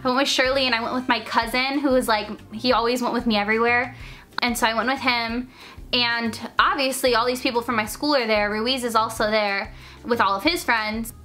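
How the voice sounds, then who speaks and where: A young woman telling a personal story in casual chat, talking fast with lots of "like" fillers. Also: a little high, steady tone, bright, forceful tone, soft background music. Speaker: storyteller vlogger.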